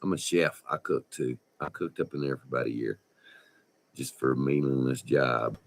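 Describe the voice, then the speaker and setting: A man, telling a rambling, profane story in a folksy, animated way. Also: extremely low pitch, normal speed, gravelly. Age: 60s. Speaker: vlogger. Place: indoors by a window.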